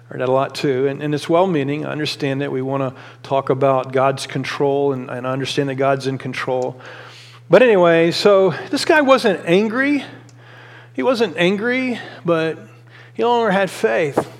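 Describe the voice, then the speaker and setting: Passionate high-voiced preacher in a reverberant hall. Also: male voice, normal speed. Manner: passionate, rising to emphatic exhortation; conversational storytelling with many restarts. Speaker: pastor. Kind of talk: sermon.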